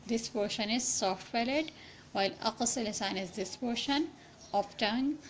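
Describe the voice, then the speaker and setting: A woman's voice: fairly high pitch, slight background noise. Patient woman teaching letter sounds. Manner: slow and patient, demonstrating sounds with repeated syllables; many fillers and restarts, often saying inshallah. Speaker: Quran pronunciation teacher. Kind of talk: online lesson on Arabic letter pronunciation.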